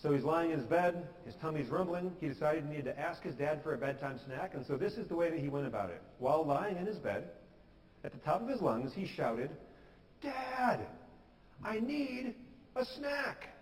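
A man's voice: a little high, animated, brisk, darkish tone, long reverb tail, low-quality recording. A pastor giving an earnest, conversational sermon, sometimes acting out the prayers he quotes. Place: church sanctuary.

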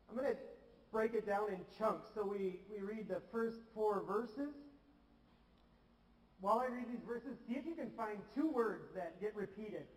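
A man's voice: high-pitched, far from the mic. A man preaching a sermon as a visiting missionary, chatty and storytelling, drawing the congregation into repeating words with him. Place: church sanctuary. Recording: roomy hall, mic from afar.

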